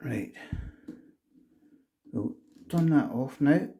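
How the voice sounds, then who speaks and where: Calm man coaxing a ghost. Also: mid-range voice. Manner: slow, coaxing questions to an unseen presence. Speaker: paranormal investigator. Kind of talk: ghost-hunt questioning. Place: indoors in an old castle.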